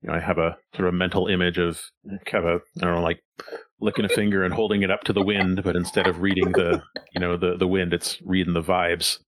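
Deep-voiced man running a tabletop game. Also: level tone, fast talker, slight background noise. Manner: rambling, chuckling, thinks aloud with many fillers. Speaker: game master.

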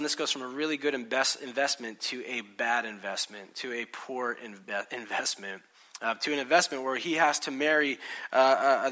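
A man's voice: medium pitch, bright, forceful tone. A man in his thirties preaching a sermon to a congregation, telling stories in a conversational way and acting out quotes. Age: 30s. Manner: conversational, storytelling with acted-out quotes. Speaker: pastor. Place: church hall with congregation.

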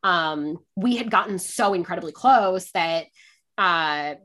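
Young woman chatting, tells a story super animated, lots of "like", acts out the quotes. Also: lowish voice, takes it slowly. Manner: animated, acts out quotes, laughs often, says "like" a lot. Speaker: guest telling a story. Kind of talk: casual chat, storytelling.

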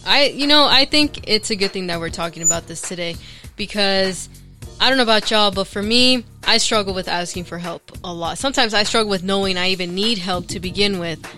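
Bright-voiced woman podcast co-host. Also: mid-range voice, a little fast, faint music behind. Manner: relaxed, friendly, reflective. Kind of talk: casual podcast chat.

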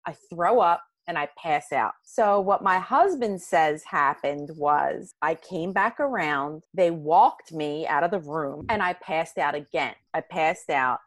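Guest, woman, 50s, lively storyteller, low voice, dry close recording. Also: a little slow, dry recording. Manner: animated, acts out quoted lines. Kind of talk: personal storytelling.

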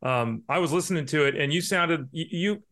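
A man's voice: on the high side, brisk, fairly bright tone. A male sports broadcaster chatting as a podcast guest, friendly and talkative, with many "I mean" and "like" fillers. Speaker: fantasy sports radio and podcast host. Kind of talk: casual podcast chat.

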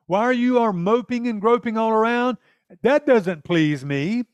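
A man preacher speaking as God, gently scolding a believer who is whining instead of trusting. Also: high-pitched, unhurried, smooth, no echo, lo-fi sound. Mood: reproachful.

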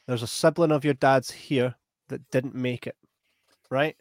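A Scottish man with a mid-range voice tells an anecdote in casual chat, speaking a little slowly and animatedly acting out what other people said. The recording is dry, with clean studio sound.

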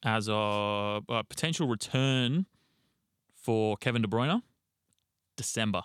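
A man's voice: fairly low pitch, animated, takes it slowly, a bit bright, clear, resonant tone, no echo, studio quality. A young man, co-hosting a casual sports podcast and rambling through team news with casual swearing. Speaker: podcast co-host.

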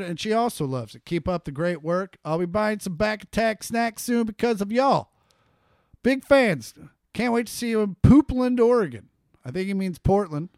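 A man's voice: sits high, darkish tone, smooth, no room sound, clean studio sound. A man co-hosting a casual podcast, joking loosely and swearing as he reads listener mail aloud. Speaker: podcast co-host.

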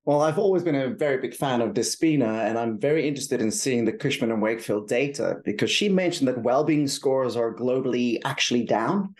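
A man's voice: medium pitch, brisk, hardly any pauses, darkish tone. South African man explaining workplace research. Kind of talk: podcast conversation.

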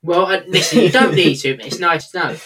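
A man's voice: high voice, a little fast, noisy background. A man co-hosting a podcast, bantering and teasing his co-host in casual chat. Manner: teasing, jokey.

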